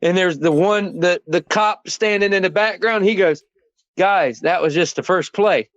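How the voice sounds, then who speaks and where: A man, co-hosting a casual sports podcast, telling animated, profane stories and quoting himself. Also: high-pitched, a little slow, no room sound. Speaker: podcast co-host. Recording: dull, dry lo-fi sound.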